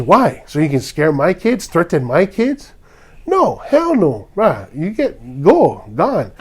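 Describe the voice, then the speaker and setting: A man's voice: on the high side, wildly swooping pitch, slow pace, husky. A man from Hawaii, hosting a podcast and ranting with heated indignation. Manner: heated and indignant, acts out others' lines. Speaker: podcast host. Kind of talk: ranting commentary.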